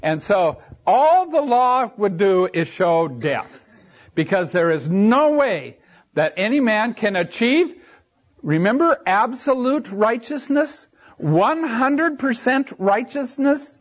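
A man preaching a Bible sermon as a teacher, with animated rises and drops in pitch and slow, emphatic delivery. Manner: slow, emphatic delivery with brief asides and restarts. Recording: dull lo-fi recording.

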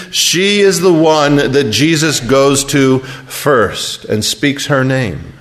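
Male preacher, mid pitch, storytelling sermon delivery with big swings between a hush and emphasis. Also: animated, slow pace, hardly any pauses.

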